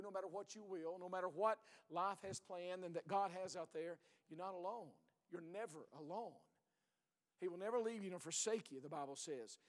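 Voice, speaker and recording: Preaching as a pastor, this middle-aged man sounds hoarse and earnest, frequently sinking to a low, intense tone and saying things over again. The recording carries a long reverb tail.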